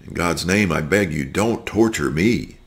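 A man's voice: low-pitched, lively intonation, a little slow. A man reading aloud the pleading words of a demon-possessed man.

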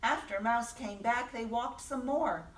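A woman, a children's librarian, reading a picture book aloud gently and asking the listening children questions. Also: fairly high pitch, unhurried. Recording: echoey room, voice from a distance.

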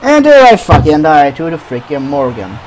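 A man's voice: a little high, wildly swooping pitch, moderate pace, a little hiss or hum. A man giving profane commentary over his own gameplay, trash-talking opponents. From Sweden. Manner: swears a lot, trash-talks opponents. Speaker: gaming commentator.

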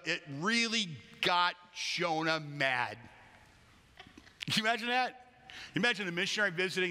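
A man preaching a sermon as a pastor, lively and joking, acting out voices as he tells the story. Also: fairly high pitch, in a large hall. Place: large church hall.

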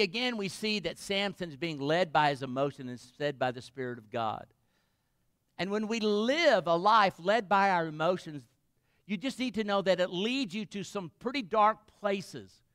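A man's voice: high-pitched, a bit bright, clear, resonant tone, dry recording, studio quality. A man pastor preaching a sermon, retelling a story dramatically and asking the congregation questions.

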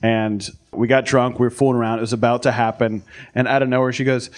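A man doing a crude, brash stand-up comedy set on a club stage, shouting out the voices he acts out. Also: mid-range voice, flat delivery, fast. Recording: live club recording, crowd laughter.

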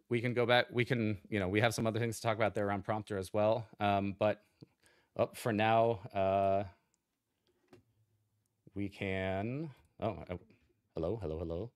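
A man's voice: lowish voice, clear, resonant tone, no echo, studio quality. A man presenting a product on a livestream, upbeat and conversational, with a desk mic on an arm. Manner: upbeat, conversational, many fillers.

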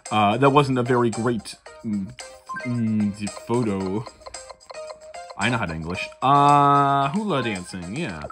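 A man's voice: medium pitch, slow, music in the background. A young man giving goofy, rambling commentary while playing a life sim game on his own channel. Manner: goofy, rambling, self-mocking. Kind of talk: casual gameplay commentary.

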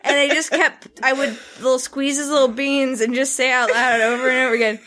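A woman co-hosting a podcast, telling an animated story in casual chat and laughing often. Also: high-pitched, normal speed. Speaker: podcast co-host.

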